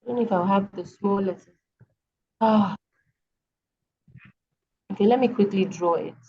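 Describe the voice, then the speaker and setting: A woman's voice: mid-range voice, normal speed, lo-fi sound, slight background noise. A woman with a Nigerian accent teaching an online English lesson, explaining patiently and often checking that students understand. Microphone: video call.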